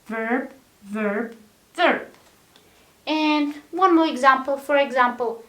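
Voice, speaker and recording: A woman's voice: high voice, lively intonation, a little slow, fairly bright tone, roomy sound. A woman teaching English grammar. She talks patiently, repeats her examples and keeps checking in with "right?".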